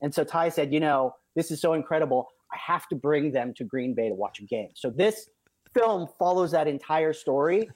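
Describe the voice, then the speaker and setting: A man as an interview guest, telling a story in an upbeat way and acting out quoted shouts. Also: fairly high pitch, no echo. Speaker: film producer guest.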